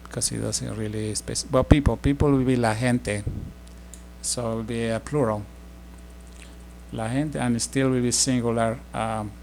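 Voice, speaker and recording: A middle-aged man giving a casual spoken language lesson, explaining slowly with many fillers and restarts. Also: medium pitch, fairly even intonation, vocal fry, darkish tone, slight background noise. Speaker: language teacher.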